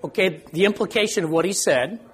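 Quick and high-pitched with a breathy edge, an older man runs a casual Bible study. He chats with the group, tosses them questions, and pokes fun at his own memory.

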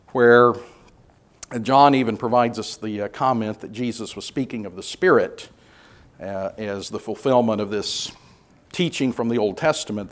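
A man teaching a conversational Bible class, relaxed and hesitant with many filler sounds, putting questions to the group. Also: medium pitch. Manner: asks the group questions and reads scripture aloud.

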